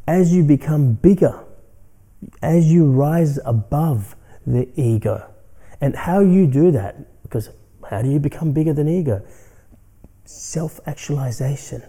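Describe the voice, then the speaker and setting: A man hosting a spiritual self-help podcast, talking earnestly and reflectively and dropping to soft, hushed lines between emphatic ones. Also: mid-range voice. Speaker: podcast host.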